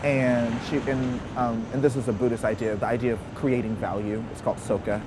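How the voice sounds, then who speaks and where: A young man from Memphis telling a personal story in a lively way, laughing often and acting out quotes. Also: medium pitch, brisk. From Memphis, Tennessee. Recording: outdoor recording with street noise.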